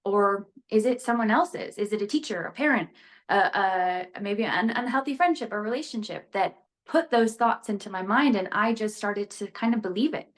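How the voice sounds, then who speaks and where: Animated woman chatting as a podcast guest. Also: medium pitch, normal speed. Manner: animated, frequent filler "like", laughs between thoughts. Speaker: guest, actress and motivational speaker. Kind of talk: casual podcast conversation.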